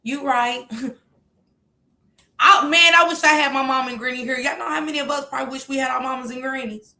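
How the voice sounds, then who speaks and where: Animated high-voiced woman streamer. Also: moderate pace, roomy sound. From Kentucky. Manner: animated, emphatic, swings from loud outbursts to low asides. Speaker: commentary streamer. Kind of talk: casual reaction commentary.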